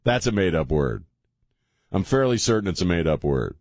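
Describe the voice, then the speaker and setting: A man's voice: low voice, very animated, moderate pace, a little mellow, no room sound, studio quality. A man hosting a call-in radio show, joking and laughing often as he gives blunt opinions. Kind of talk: casual call-in radio talk. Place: radio studio.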